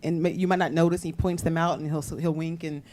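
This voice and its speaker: A woman's voice: sits low, fairly even intonation, quick pace, a little mellow. A middle-aged woman, a guest in an interview, telling stories about her father in a casual, laughing way. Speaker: interview guest, daughter of the film's subject.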